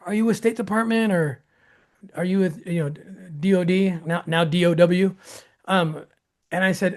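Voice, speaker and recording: Animated man telling a story. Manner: excitable, acts out quoted dialogue with jumps in pitch; frequent restarts and laughter. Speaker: host.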